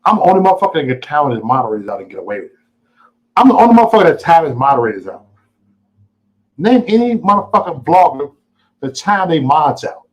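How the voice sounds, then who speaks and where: A man's voice: fairly high pitch, big pitch swings, quick pace, poor audio. A man hosting a casual live stream, greeting viewers and ranting at them in a profane, taunting, boastful way. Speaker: livestream host.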